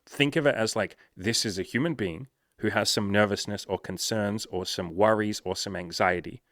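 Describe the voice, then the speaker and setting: Man, coach, blunt and sweary, fairly low voice, dry close sound. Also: moderate pace, a bit bright, no echo. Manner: blunt, profane, conversational. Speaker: dating and business coach. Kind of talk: casual monologue to camera.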